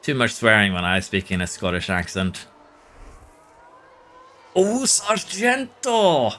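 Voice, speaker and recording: A Norwegian man talks casually to his stream audience as he plays. His voice sits a little low but has a bright, forceful edge. He keeps an easygoing tone, reading out chat and chuckling often. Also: fairly even intonation, brisk, a little hiss or hum. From Norway. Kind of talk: casual live-stream chat while playing.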